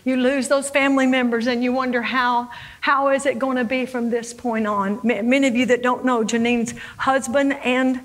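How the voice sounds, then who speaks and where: A woman's voice: high-pitched, fairly even intonation, moderate pace, poor audio. A woman preaching a sermon, acting out scripture quotes with dramatic, rising emphasis.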